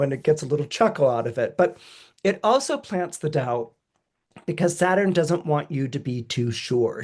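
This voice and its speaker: On a podcast, a man explains astrology with lots of energy, chuckling often and voicing quoted speakers with big leaps in pitch.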